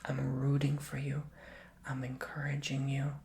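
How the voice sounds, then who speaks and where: Gravelly soft-spoken ASMR man. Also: medium pitch, completely flat delivery, a little slow, a little hiss or hum. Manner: gently encouraging, drifting between soft voice and whisper; affectionate, emotional cheering on the listener. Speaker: tarot reader and ASMR host.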